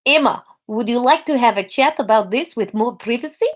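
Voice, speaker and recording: A woman's voice: on the high side, natural voice. Wary doctor with a put-on Russian accent, as a woman voices her. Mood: wary concern. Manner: slow, careful, faintly annoyed questioning. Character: wary female doctor, middle-aged, probing.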